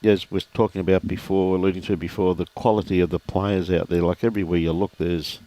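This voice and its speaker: A man's voice: low-pitched, little pitch movement, quick pace, dark tone. A man giving live lawn bowls commentary, chatty and joking, often calling people "mate".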